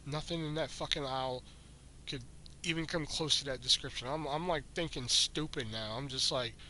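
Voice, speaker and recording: A man's voice: medium pitch, normal speed, bright, forceful tone, slight background noise. A man hosting a podcast, telling a story in casual chat, swearing freely and sounding exasperated. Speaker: podcast host.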